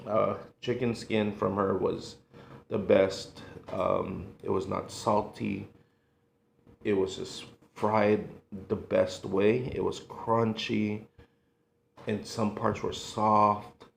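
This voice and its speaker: A middle-aged man from the United States, a food vlogger reminiscing in a halting, emotional way, sighing between thoughts. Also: fairly low pitch, level tone, creaky, a little hiss or hum. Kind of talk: casual reminiscing monologue. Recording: echoey room.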